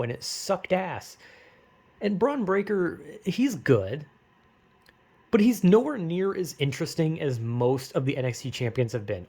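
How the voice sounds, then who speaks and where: A man's voice: a little high, vocal fry, a little mellow. A man ranting casually and rambling with lots of fillers, getting frustrated and swearing often. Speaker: wrestling fan vlogger. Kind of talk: casual rant.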